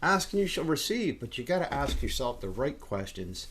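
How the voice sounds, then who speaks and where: A man hosting a casual podcast, talking in an excitable, profane, rambling way. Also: medium pitch, normal speed, slight background noise. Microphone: camera setup.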